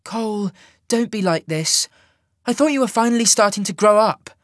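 A man's voice: high-pitched, moderate pace, a bit bright, dry recording, studio quality, voice pushed up. A man voicing a fierce, loyal young woman who speaks bluntly and demandingly in a storybook reading. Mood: urgent.

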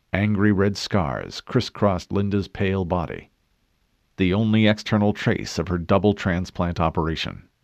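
A man narrating an audiobook in a steady, dramatic storytelling manner. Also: lowish voice, no echo. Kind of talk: scripted narration.

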